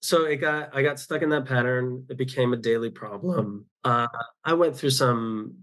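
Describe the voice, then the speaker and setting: A man in his home tells a personal story on a podcast. His voice sits at an ordinary middle pitch, and his talk is candid and loose. He often stops mid-phrase, starts over, and slips into quoting what he thought. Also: moderate pace, fairly bright tone. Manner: open, rambling, with many restarts and self-quotes. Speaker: podcast guest.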